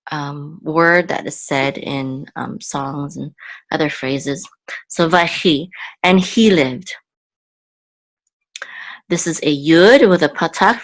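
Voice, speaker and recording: A woman's voice: deep voice, fairly bright tone, rough recording. A woman hosting a Hebrew reading lesson, patiently sounding out words syllable by syllable. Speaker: Hebrew teacher. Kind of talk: slow step-by-step reading lesson.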